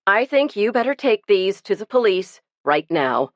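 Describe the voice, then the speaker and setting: A woman reading the part of a sharp, determined amateur sleuth who questions bluntly and firmly. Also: medium pitch, very animated, normal speed, no room sound, dull audio, lightly acted.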